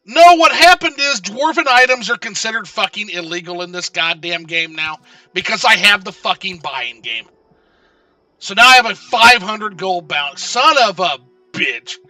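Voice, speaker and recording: Excitable, bright-voiced swearing man streamer. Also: high-pitched, no room sound, recorded from a distance. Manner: excitable and profane, swearing often. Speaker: video game streamer. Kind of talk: casual live gameplay commentary.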